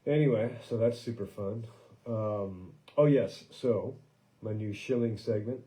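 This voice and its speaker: This podcast host and musician, who lives in Paris, rambles through a casual monologue in an unhurried, dark-toned voice of medium pitch. He jokes, mocks himself, and scatters loose fillers throughout. The poor-quality audio was recorded indoors in a workshop studio.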